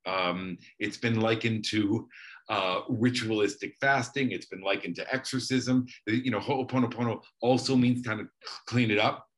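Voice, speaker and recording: A man's voice: lowish voice, steady tone, moderate pace, fairly bright tone. A man as an interview guest, speaking earnestly and reflectively, often repeating words and restarting as he searches for phrasing. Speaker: guest author.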